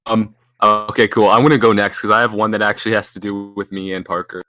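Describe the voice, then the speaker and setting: A young man on a casual podcast who talks in halting, hesitant bits. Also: on the low side, flat delivery, pushed and bright, faint music behind.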